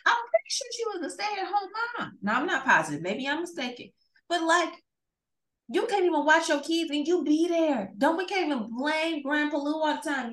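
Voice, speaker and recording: A woman co-hosting a casual podcast chat, telling stories in an animated, emphatic way. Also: high-pitched. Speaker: podcast co-host. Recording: echoey room.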